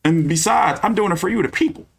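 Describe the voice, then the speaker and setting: A man putting on an impression of a famous older boxing promoter, with a booming, drawn-out, theatrical preaching delivery. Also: animated, vocal fry, slightly rough, full character voice. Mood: indignant, grandiose.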